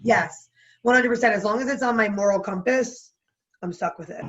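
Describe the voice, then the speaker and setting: A woman's voice: mid-range voice, highs cut off. Bubbly woman with a Jersey accent. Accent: New Jersey. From New Jersey, USA. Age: young adult. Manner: bubbly, animated, quick to laugh. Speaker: podcast guest. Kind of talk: casual interview chat.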